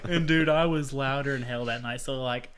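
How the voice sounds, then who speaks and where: A young man co-hosting a casual sports podcast, telling stories in a profane, animated way and mimicking other people. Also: medium pitch, moderate pace, slight background noise. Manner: profane, animated storytelling with mocking voices. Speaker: podcast co-host.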